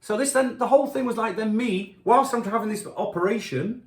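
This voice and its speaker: A man's voice: sits high, fairly quick, roomy sound. A middle-aged man, a musician casually telling self-deprecating stories while answering fan questions. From Yorkshire, England. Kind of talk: casual anecdotal storytelling. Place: home kitchen.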